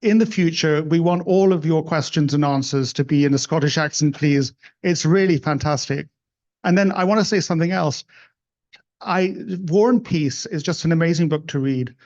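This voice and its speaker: A man's voice: a little high, normal speed, a little mellow. A man hosting an investor conference, speaking in effusive, casual thank-you remarks on stage, in dull lo-fi audio. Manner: effusive, heaps on praise. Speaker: event host. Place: conference room.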